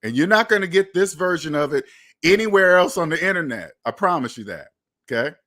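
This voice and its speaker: A man's voice: fairly high pitch, animated, fairly quick, sharp tone. A man hosting a finance channel, talking casually and emphatically straight to his viewers, repeating points and swearing now and then. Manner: emphatic, repetitive, profane, talks straight to viewers. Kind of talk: casual monologue commentary.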